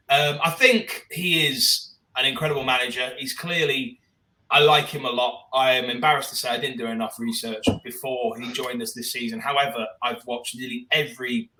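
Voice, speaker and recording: A man's voice: medium pitch, pushed and bright, roomy sound, recorded from a distance, poor audio. A man co-hosting a podcast, chatting about football in a rambling, enthusiastic way with many restarts. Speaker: podcast co-host. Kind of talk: casual football chat.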